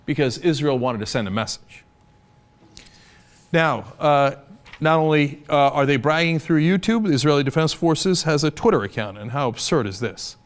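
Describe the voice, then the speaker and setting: American man, young adult, somewhat high voice, sarcastic, indignant commentary. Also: animated, moderate pace. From United States. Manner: indignant and sarcastic, mocks opponents in put-on voices. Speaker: political commentator. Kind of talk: opinion commentary.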